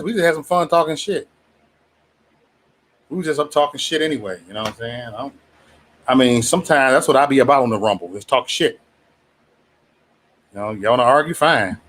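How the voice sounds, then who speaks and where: A man's voice: a little high, fairly bright tone. Loose, profane man hosting a livestream. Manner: loose, profane, laughing often, mimics others in raised voice. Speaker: livestream host. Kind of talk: casual livestream chat.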